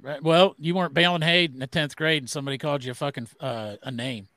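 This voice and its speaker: A man's voice: a little high, quick pace, bright, forceful tone, no echo. A man co-hosting a podcast, trading crude jokes in casual banter. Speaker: podcast co-host. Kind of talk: casual chat.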